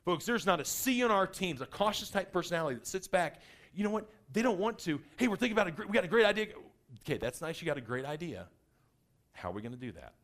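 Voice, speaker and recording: A middle-aged man giving an energetic seminar talk as a workshop presenter, acting out personality types in quick little voices. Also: high voice.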